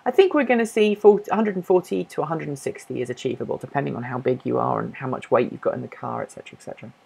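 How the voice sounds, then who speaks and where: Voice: medium pitch, very fast, creaky, a little mellow, slightly rough. A host from Norfolk, England, with an accent that mixes British and American English, chatting casually on a livestream and answering viewer questions while thinking aloud and correcting themself. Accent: mixed British and American English.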